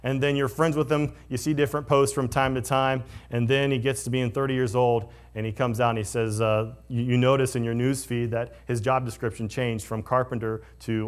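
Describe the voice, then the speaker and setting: Pastor guy preaching, chatty sermon, gets loud then goes quiet and solemn. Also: mid-range voice, brisk, few pauses. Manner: conversational preaching, swinging from excited to hushed and solemn.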